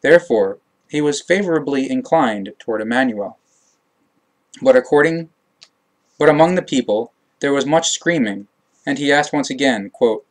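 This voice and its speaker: A man reading a religious text aloud as an audiobook narrator, measured, with occasional self-corrections. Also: mid-range voice, low-quality recording.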